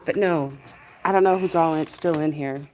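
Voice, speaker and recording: A woman's voice: low voice, normal speed, noisy background. A woman hosting a casual livestream, greeting viewers by name, laughing often and mimicking others in quotes. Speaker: livestream host. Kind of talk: casual live-stream chat with viewers.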